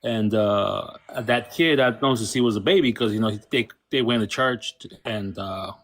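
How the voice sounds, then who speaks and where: A man's voice: on the low side, moderate pace, a bit bright. Hesitant man, former pastor. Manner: hesitant, many fillers. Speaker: podcast guest, former pastor. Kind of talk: casual chat.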